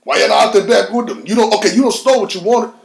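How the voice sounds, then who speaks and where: A gravelly man with a fairly high voice hosts his own podcast in a bare, echoey room. He rants with heat and plenty of profanity. His voice drops low, then jumps up into shouts. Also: racing. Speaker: podcast host. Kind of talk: heated solo podcast rant.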